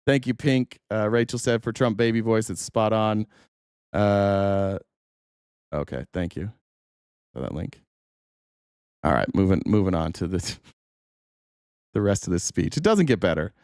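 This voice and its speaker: A man hosting a livestream of political commentary, ranting in a profane, animated way. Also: on the low side, a little slow, pauses often, clear, resonant tone, no room sound, studio quality. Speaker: host.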